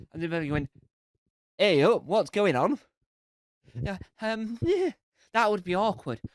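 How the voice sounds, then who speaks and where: A man doing a stand-up routine, animated and acting out scenes with sung riffs. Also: a little high, smooth, no echo. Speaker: stand-up comedian.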